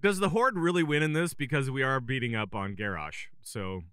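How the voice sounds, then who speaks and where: Bright, crisp-voiced man hosting. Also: mid-range voice, expressive, fairly quick, no echo, clean studio sound. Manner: upbeat, leads the segments with questions. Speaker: podcast host. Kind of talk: casual gaming podcast chat.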